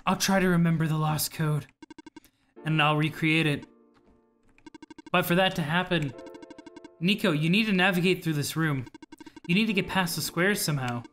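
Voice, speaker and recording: A gamer voicing a frightened, hesitant machine entity from a video game in a low, subdued way. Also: moderate pace, long pauses, a bit bright, soft background music, natural voice. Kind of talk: reading game dialogue aloud.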